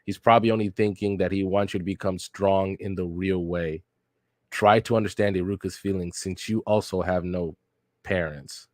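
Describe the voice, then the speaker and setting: A man casually reading the lines of a smooth-talking, falsely kind male ninja teacher from a manga. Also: deep voice, steady tone, moderate pace, no echo, studio quality, close to an everyday voice. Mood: soothing. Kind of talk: casual manga read-aloud.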